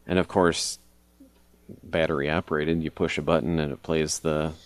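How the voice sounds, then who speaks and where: A man's voice: very deep voice, level tone, moderate pace, no room sound. A middle-aged man co-hosting a podcast, chatting casually and rambling through stories, laughing often. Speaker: podcast co-host. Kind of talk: casual chat.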